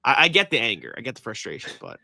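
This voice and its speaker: A man's voice: medium pitch, very animated, fast talker, creaky, bright, forceful tone. A young man co-hosting a sports podcast, telling stories animatedly in casual chat, swearing and laughing. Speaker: podcast co-host.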